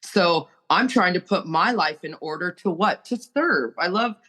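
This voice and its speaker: A woman's voice: lowish voice, animated, measured pace, sharp tone. A woman sharing on a recovery podcast, earnest and preachy as she urges listeners on. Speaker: recovery group member.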